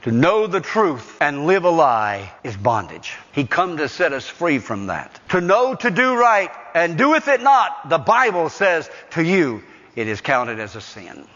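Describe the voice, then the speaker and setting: Preaching pastor in an echoing hall. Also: male voice, a little high, very animated, a bit bright, dull audio. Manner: preaching with rising intensity and quick asides. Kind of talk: sermon. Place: church service.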